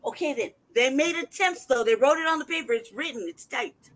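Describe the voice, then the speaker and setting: A man's voice: extremely high pitch, fairly quick, a bit bright, low-quality recording. A man hosting a casual livestream who talks in a heated, profane way and reads paperwork aloud in a mocking tone. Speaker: livestream host.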